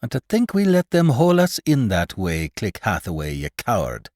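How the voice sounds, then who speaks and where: A man's voice: fairly low pitch, huge pitch swings, moderate pace, darkish tone, dry recording, clean studio sound. A man voicing a big, cocky Irish spaceman with a swaggering, folksy brogue and an Irish accent. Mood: jovial.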